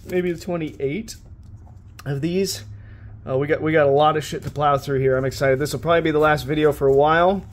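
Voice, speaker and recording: A high-voiced young man hosts a card-opening session, cursing and cracking jokes at each disappointing pull. His commentary is casual and frustrated. A faint hiss sits under the recording. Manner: profane, wisecracking, frustrated. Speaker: pack-opening channel host.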